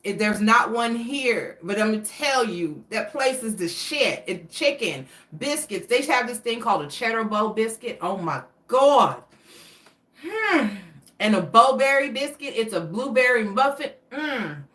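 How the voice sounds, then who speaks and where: A woman's voice: a little high, very animated, measured pace, a bit bright. A young woman giving a casual tarot reading, talking in a rambling, profane, chatty way. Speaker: tarot reader. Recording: roomy echo, distant from mic.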